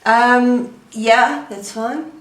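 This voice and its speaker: A woman's voice: a little high, steady tone, very slow. A woman hosting a remote interview, giving brief affirming replies and wrapping up in a friendly way. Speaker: host. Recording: roomy, distant call audio.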